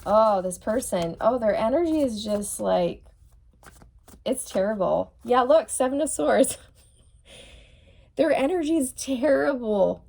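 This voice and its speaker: A woman's voice: a little high, animated, takes it slowly, gravelly, long pauses, darkish tone. A woman giving a tarot reading in a blunt, mocking way, laughing often and checking in with "okay?". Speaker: tarot reader.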